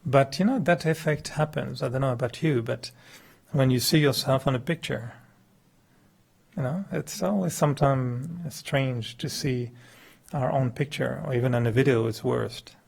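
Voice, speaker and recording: Husky-voiced guy teaching meditation, english isn't his first language, keeps laughing at himself. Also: moderate pace. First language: not English. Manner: chatty and humorous, laughs often at himself; acts out quoted dialogue with big pitch jumps. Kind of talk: spiritual talk to an audience.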